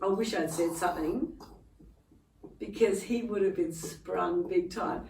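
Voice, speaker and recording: A middle-aged woman pastor telling a story in casual chat, animated and laughing, acting out quotes. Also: lowish voice, measured pace, gravelly, recorded from a distance, slight background noise. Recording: echoey room, voice a little off-mic.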